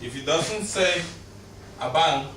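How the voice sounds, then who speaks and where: A man teaching a class, patient and explaining step by step, his voice sitting a little high. He speaks very slowly. The recording is distant and very echoey, with clear background noise. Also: animated. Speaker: language teacher. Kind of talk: classroom lesson.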